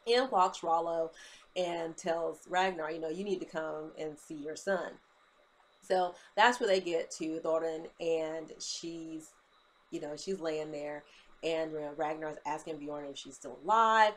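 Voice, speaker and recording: A woman's voice: low-pitched, unhurried. Chatty woman gossiping through a recap. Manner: gossipy and expressive, with many fillers like "you know" and "okay?". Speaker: TV episode recapper.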